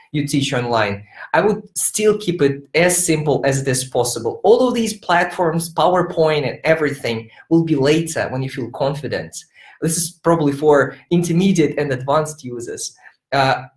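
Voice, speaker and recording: Unhurried, playful teacher trainer in an echoey room. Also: mid-range voice. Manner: playful, switches into sung and acted teacher voices for demos. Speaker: teacher trainer presenting at an online conference. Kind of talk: online conference workshop, demonstrating classroom games.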